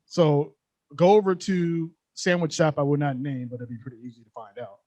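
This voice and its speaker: A young man co-hosting a podcast, telling a story in animated, slangy casual chat and laughing often. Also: on the high side, normal speed, no room sound. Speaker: podcast co-host.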